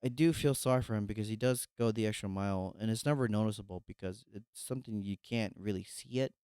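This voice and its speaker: Low, smooth-voiced man rambling. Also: fast talker, a little mellow, no room sound, studio quality. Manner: hesitant, full of fillers and restarts. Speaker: podcast co-host. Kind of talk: casual chat.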